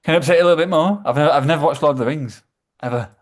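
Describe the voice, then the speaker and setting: Fast-talking Englishman in casual chat. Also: on the high side. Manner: halting, repeats words, trails off. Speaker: podcast guest, songwriter.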